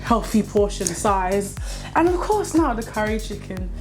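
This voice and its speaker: A woman with an English accent, the guest cook in a casual cooking chat, easygoing and quick to giggle. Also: medium pitch, very animated. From England. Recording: music playing underneath.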